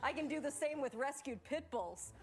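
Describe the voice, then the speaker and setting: A cheerful, boastful dog rescuer with a high, bright voice. Loud music runs under the TV sketch. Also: female voice, lively intonation, normal speed. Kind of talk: live TV sketch comedy.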